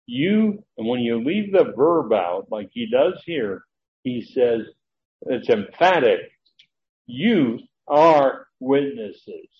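A man's voice: mid-range voice, sing-song, takes it slowly, a little hiss or hum. A man teaching scripture in a conversational, meandering manner with frequent fillers. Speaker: Bible teacher. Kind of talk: sermon. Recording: dull lo-fi recording with faint ambience.

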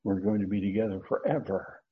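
A man's voice: fairly low pitch, brisk. A man teaching a Bible study lecture, explaining Greek grammar with asides and self-corrections. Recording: dull lo-fi recording.

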